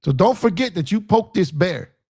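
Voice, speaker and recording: A man's voice: high voice, big pitch swings, normal speed, darkish tone, slightly rough. A man hosting a sports show, ranting in fired-up fan commentary, repeating himself for emphasis and taunting rival fans. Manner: reads out viewer super chats.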